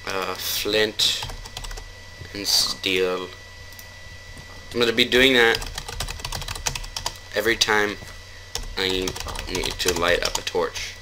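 A man's voice: on the low side, background noise. A man giving casual let's-play commentary while he plays, rambling and joking, then taking his jokes back. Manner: rambling, jokey, keeps taking things back. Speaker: gamer.

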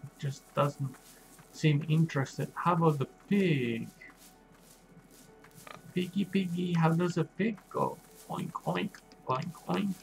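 Poor audio and soft background music accompany a man whose voice is on the high side as he narrates a video game for young kids. Slow and simple, he keeps asking his young viewers questions, like a gentle game streamer for children.

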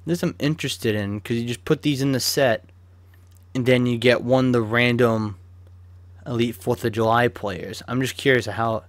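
A man's voice: medium pitch, steady tone, moderate pace, no echo. A young man giving casual, chatty commentary on a football video game as he opens card packs, swearing freely and flaring up in sudden rants. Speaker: gaming YouTuber.

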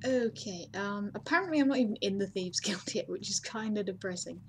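A woman's voice: a little fast, slight background noise. Chatty self-mocking woman gaming. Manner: chatty, self-mocking, bursts into high exclamations. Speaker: let's play host. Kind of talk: casual gameplay commentary.

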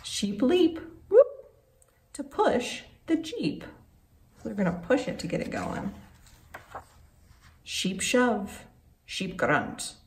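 A woman's voice: fairly high pitch, slow pace, long pauses. A woman who works as a children's librarian, reading a picture book aloud to young children, gasping often and asking them questions. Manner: animated and exclamatory, gasping and asking the kids questions. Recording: echoey room, mic at a distance, faint background noise.

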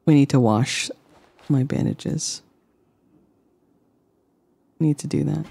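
Slow, lively-pitched woman streamer. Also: vocal fry, slightly rough. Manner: rambling, deadpan jokes to chat. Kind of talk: casual gameplay commentary.

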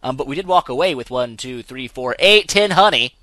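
A young man hosting a gaming channel, giving excitable let's-play commentary and yelping when things go wrong. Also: mid-range voice, fairly quick, dry recording. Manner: excitable, yelps and laughs when in trouble.

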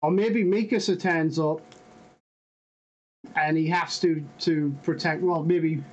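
Brief: young male host, higher voice, casual eager chatter. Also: slow pace, lo-fi sound. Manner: excited, speculative chatter. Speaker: reaction channel host. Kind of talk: casual reaction chat.

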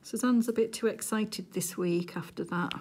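A middle-aged woman from England chatting casually to viewers while she crafts, giggly and easily excited. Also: medium pitch, normal speed, background noise. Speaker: crafting vlogger.

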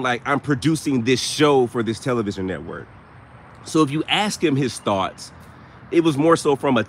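Lively man streaming from a cemetery. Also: medium pitch, a little hiss or hum. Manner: animated, chatty, shout-outs to viewers. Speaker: paranormal show host, live streamer. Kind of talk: casual live-stream chat. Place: outdoors in a cemetery. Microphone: handheld phone camera.

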